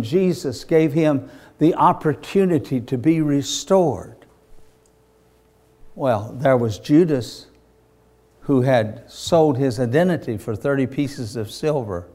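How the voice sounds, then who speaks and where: A man preaching a sermon with fervent, building delivery and loud bursts on quoted lines. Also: mid-range voice. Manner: fervent, rising to shouts on acted quotes.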